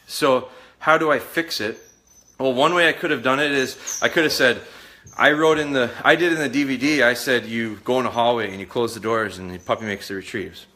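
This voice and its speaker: A man's voice: mid-range voice, pushed and bright. A man talking to viewers during a live dog training session, a bit out of breath, in a folksy, rambling way that repeats itself. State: out of breath, sweating.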